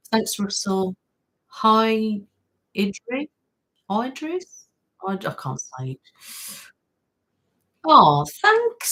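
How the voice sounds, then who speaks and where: Woman, ASMR host, low husky voice, casual live-stream chat. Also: poor audio. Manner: chatty, thanks viewers by name, trails off. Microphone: studio mic.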